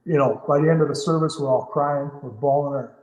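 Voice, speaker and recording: A man's voice: on the high side, fairly quick, a little mellow. A man in his fifties, a firefighter and podcast guest, telling a story earnestly and from the heart, with frequent fillers and restarts. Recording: roomy with long reverb.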